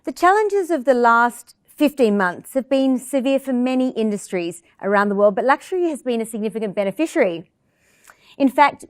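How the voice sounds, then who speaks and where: Higher-voiced woman hosting, dry sound. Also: dry recording. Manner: polished, read-from-script delivery. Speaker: interview host. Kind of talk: scripted introduction and interview questions.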